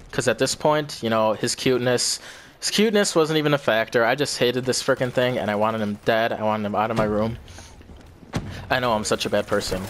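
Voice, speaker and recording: A man's voice: mid-range voice, fairly bright tone. Young male vlogger, casual rambling storyteller who curses a lot, faint background hiss. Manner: rambling, swears often, repeats himself.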